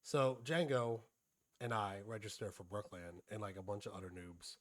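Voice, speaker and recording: A man's voice: on the low side, steady tone, moderate pace. A young man casually telling a rambling, profane story and acting out his friends' lines.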